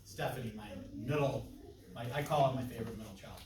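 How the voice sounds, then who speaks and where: A man's voice: medium pitch, quick pace, noisy background. A man in his sixties giving an interactive conference presentation, chatting and joking with the audience. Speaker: conference speaker. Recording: roomy hall from a distance with audience murmur.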